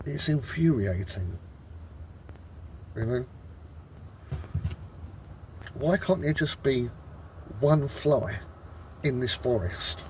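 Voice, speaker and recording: A man's voice: medium pitch, a little mellow, slight background noise. A man vlogging outdoors in a wood, rambling in an exasperated way, swearing a lot and restarting his sentences. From Britain. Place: woodland outdoors.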